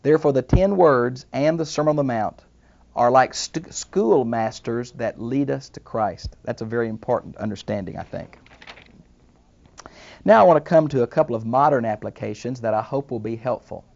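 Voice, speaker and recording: An older man, a retired professor, giving a recorded Bible lesson in a thoughtful, unhurried lecturing manner with small asides. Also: medium pitch, creaky, darkish tone, muffled recording. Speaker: Bible teacher.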